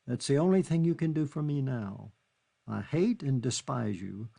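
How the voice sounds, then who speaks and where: A man's voice: medium pitch, animated, normal speed, vocal fry, mellow, slightly rough, voice pushed up. A man reading an audiobook, voicing a grief-stricken young Englishwoman who sobs, pleads and lashes out. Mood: anguished. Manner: sobbing, pleading, furious.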